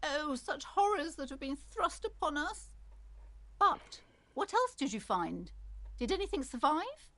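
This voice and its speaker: A woman's voice: high-pitched, sing-song, measured pace, fairly bright tone, no room sound, exaggerated voice. A woman voicing a theatrical, superstitious, middle-aged female shopkeeper who speaks in a grandiose, melodramatic way. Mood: dramatic. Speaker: game character.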